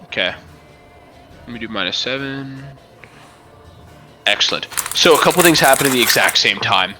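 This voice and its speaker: A man's voice: medium pitch, lively intonation, normal speed, over music. A young man running a tabletop game as game master, narrating in a casual, rambling way and swearing freely.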